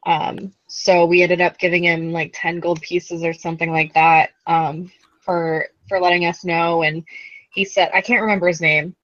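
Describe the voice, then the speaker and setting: A woman's voice: fairly low pitch, level tone, normal speed, a bit bright, no echo, dull audio. A woman recapping a tabletop game session in casual chat, rambling with lots of "um" and "like". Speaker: player recapping the last session.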